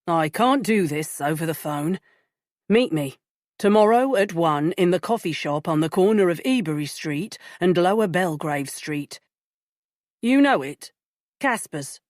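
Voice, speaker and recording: A woman reading aloud puts on an insistent man calling on the phone, secretive and clipped. His voice sits low in the register and sounds close and dry. He presses his point without letting up. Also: animated, unhurried, no echo. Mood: urgent. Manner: sharp and clipped when irritated. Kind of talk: audiobook character voice.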